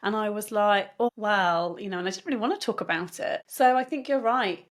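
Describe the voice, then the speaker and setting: Casting: woman, podcast host, mid-pitched, conversational and affirming. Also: animated, fast talker. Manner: warm, affirming, reflective questions. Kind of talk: conversational interview.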